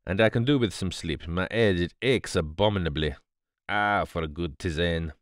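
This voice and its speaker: A man voicing a shrewd, fussy little male detective who speaks precisely and with a soft theatrical air. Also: low voice, normal speed, dry recording, clean studio sound, close to an everyday voice. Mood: contented.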